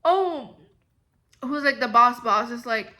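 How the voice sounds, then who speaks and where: A woman's voice: sits high, normal speed, sharp tone. A young woman telling a storytime vlog in a rambling, exasperated way, full of filler "like"s. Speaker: vlogger. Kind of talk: casual storytime monologue.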